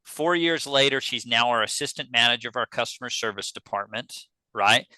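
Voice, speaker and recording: A man's voice: mid-range voice, fairly quick, bright, forceful tone, no echo, rough recording. A man, a podcast guest telling a business story casually and acting out the dialogue he quotes. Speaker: podcast guest, pest control business owner.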